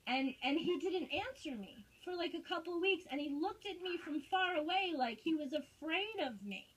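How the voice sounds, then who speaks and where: High-voiced defensive woman on a call. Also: animated, moderate pace, a bit bright, a little hiss or hum, poor audio. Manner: defensive, sarcastic, long rambling explanations. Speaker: caller and neighbour in a dispute. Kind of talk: tense phone call.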